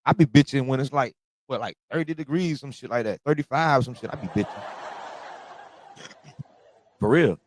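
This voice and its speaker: A man's voice: mid-range voice, normal speed, pauses often, slight background noise. A man hosting a reaction video, talking casually in slang and joking about the cold, getting over a cold. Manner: slangy, laughing, exaggerated complaints. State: has a cold.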